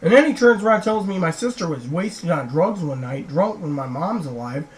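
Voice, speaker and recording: A woman's voice: fairly low pitch, lively intonation, brisk, poor audio. A woman vlogger rambling through personal stories, acting out what other people said. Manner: rambling, acts out quoted people. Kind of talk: rambling personal storytelling to camera.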